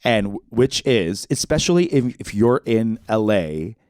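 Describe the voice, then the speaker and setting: A young adult man co-hosting a podcast, telling stories in a lively, swearing way and acting out the voices of people he quotes. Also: measured pace, no room sound, studio quality. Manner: animated storyteller, swears, acts out quoted voices high and loud. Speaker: podcast co-host. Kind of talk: casual chat.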